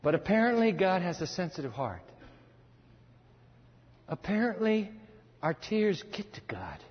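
A man preaches a dramatic sermon in a high, husky voice that leaps across its range, swinging from booming to hushed. The sound is dull and lo-fi, with a long reverb from a large hall. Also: huge pitch swings, a little slow, long pauses.

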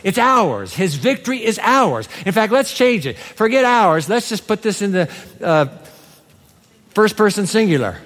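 A man's voice: sits high, sing-song, unhurried, a bit bright, long reverb tail. A man preaching a sermon with emphasis, having the congregation repeat lines after him. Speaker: pastor.

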